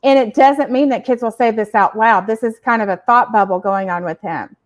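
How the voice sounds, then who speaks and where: A woman co-hosting a parenting show, explaining points in a casual, warm way and laughing between them. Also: fairly high pitch, a little fast. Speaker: podcast co-host.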